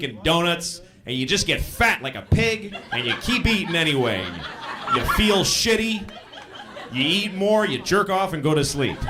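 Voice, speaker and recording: A man's voice: on the high side, noisy background. A man doing a stand-up comedy set, profane and self-deprecating, acting out little voices as he goes. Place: live comedy stage. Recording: live show with loud crowd laughter. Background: audience laughter.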